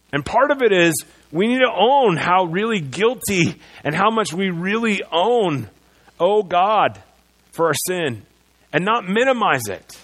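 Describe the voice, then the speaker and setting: A man preaching a sermon as pastor in a church, moving between loud proclamation and quiet earnest passages. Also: sits high, slightly rough. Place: church sanctuary.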